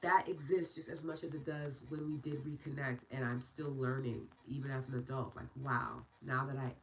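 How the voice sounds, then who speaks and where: A woman's voice: extremely low pitch, fairly even intonation, normal speed, slight background noise, rough recording. A woman in her thirties hosting a meditation and EFT livestream, affirming viewers and answering their comments by name in casual chat. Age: 30s.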